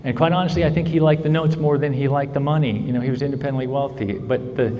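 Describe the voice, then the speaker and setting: A man's voice: mid-range voice, fairly even intonation, quick pace, highs cut off, faint music behind. A man gives a heartfelt personal talk at a convention, checking in with the crowd by asking "right?" again and again. His voice sits in an ordinary middle range. It rings out through a large hall with a long reverb tail. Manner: earnest storytelling, asks "right?" often. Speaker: recovery speaker.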